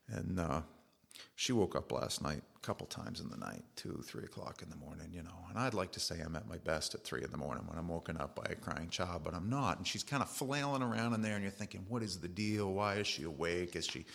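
Gravelly low-voiced male pastor preaching. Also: a bit bright. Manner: earnest, conversational storytelling. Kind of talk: sermon.

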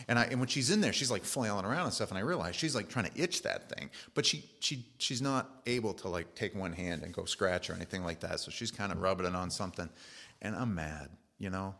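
A man's voice: low voice, expressive, fairly quick, fairly bright tone. A middle-aged man preaching a sermon as a pastor, in an earnest, conversational storytelling manner.

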